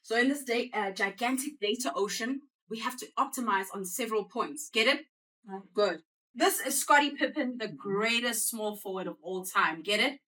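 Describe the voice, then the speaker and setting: Bright-voiced South African woman presenting. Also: a little high, moderate pace, distant mic. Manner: chatty, uses call-and-response with the audience. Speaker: guest speaker. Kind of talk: conversational presentation. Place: presentation room with a live audience.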